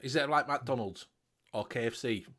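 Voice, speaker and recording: A man's voice: mid-range voice, normal speed, fairly bright tone. A man from the United Kingdom hosting a casual chat show, exasperated and swearing a lot. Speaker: host.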